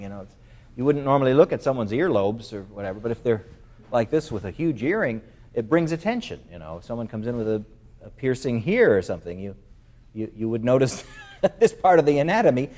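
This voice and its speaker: A man's voice: mid-range voice, darkish tone. A man leads a music masterclass, coaching a player. He talks things through with fillers and hesitations, then sings short phrases on nonsense syllables to show how they should go. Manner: thoughtful, with many fillers. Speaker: music clinician.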